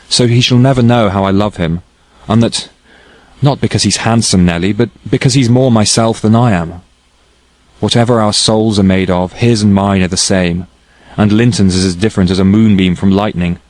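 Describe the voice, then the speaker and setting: A man's voice: lowish voice, moderate pace, darkish tone, dry recording, close to an everyday voice, poor audio. A man voicing a passionate, headstrong young woman in an audiobook reading, delivering her lines in an impassioned, declaiming way.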